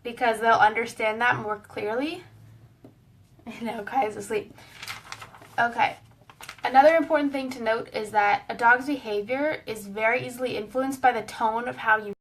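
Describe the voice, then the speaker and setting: A woman's voice: fairly high pitch, a bit bright, far from the mic. A woman giving a casual, explanatory online lesson as a pet wellness educator, with a few small fillers.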